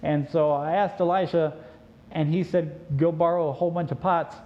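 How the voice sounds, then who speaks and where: A man voicing a poor widowed mother in a sermon story, in an animated storytelling manner, on a dull lo-fi recording. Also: a little high, moderate pace, pitched below the performer's own voice, natural voice. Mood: anxious. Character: poor widowed mother, anxious then overjoyed.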